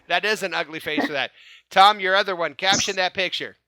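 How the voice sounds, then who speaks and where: An upbeat man hosting a casual fan podcast, his voice very bright and crisp. He laughs easily and trips over repeated words while keeping the show moving. The sound is dry and close, with faint music underneath. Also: high-pitched, no echo. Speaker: podcast host.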